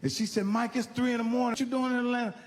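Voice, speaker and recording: High-voiced profane man telling stand-up stories. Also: rapid-fire, in a large hall, a little hiss or hum. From Indiana, United States. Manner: profane, animated, acts out characters' voices. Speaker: stand-up comedian. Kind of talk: stand-up storytelling.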